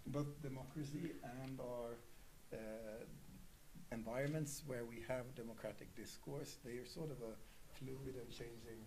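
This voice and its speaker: A man's voice: mid-range voice, steady tone, a little slow, background noise. A man on a discussion panel, answering hesitantly with many fillers as he thinks aloud.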